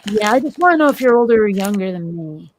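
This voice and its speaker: A woman's voice: mid-range voice, expressive, fast, slight background noise. A woman in her forties hosting a casual chat, blunt and curious, asking pointed questions. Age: 40s.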